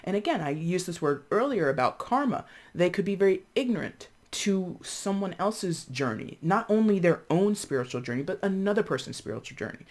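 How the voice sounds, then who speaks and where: A tarot reader talks straight to the camera in a loose, conversational reading. The speech is full of "like" and "you know", with restarts and quick voiced asides that mimic other people's reactions. The pitch sits in a middle range for the voice. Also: lively intonation. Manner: chatty, acts out other people's reactions in quotes; thinks aloud with frequent fillers and restarts.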